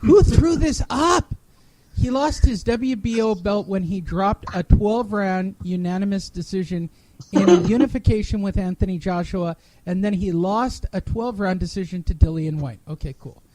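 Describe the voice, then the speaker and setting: A man's voice: high voice, normal speed, warm tone, rough recording. A man hosting a podcast, reading an article aloud and sarcastically, profanely mocking its errors. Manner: sarcastic, profane, mocks typos. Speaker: podcast host.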